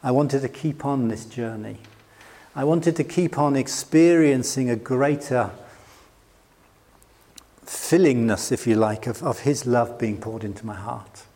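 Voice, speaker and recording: A middle-aged British man gives a sermon in a relaxed, talkative way, often laughing at himself. His voice sits at an ordinary pitch for a man. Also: unhurried. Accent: British English. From Britain. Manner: conversational, self-deprecating, laughs often. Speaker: pastor.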